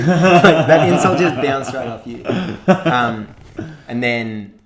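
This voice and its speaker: A man's voice: medium pitch, steady tone, slow pace, over a noisy crowd. Rambling Australian man telling stories. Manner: rambling storytelling, swears freely. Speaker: podcast co-host. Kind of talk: casual chat.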